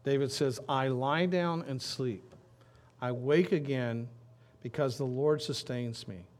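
Male pastor, mid-range voice, relaxed conversational preaching with scripture reading. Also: mid-range voice, slow pace. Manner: conversational preaching, reads scripture then riffs. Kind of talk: sermon.

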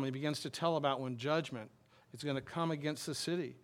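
A man's voice: a little high, steady tone. Conversational man preaching a sermon. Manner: conversational, with frequent restarts and stammered "and, and"; reads scripture aloud slowly, then explains it plainly. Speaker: pastor.

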